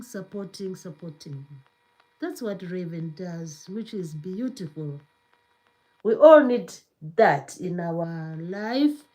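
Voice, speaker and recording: A woman's voice: medium pitch, a little mellow. A woman hosting a live stream in a casual, cheerful way, reading out viewer comments and often repeating her words. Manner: cheerful, effusive, repeats phrases.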